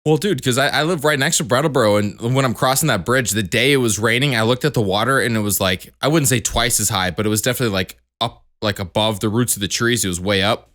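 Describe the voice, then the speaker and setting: A man's voice: medium pitch, quick pace, hardly any pauses, a bit bright. A young man co-hosting a podcast, telling stories in a laid-back way with casual swearing. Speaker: podcast co-host. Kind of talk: casual chat.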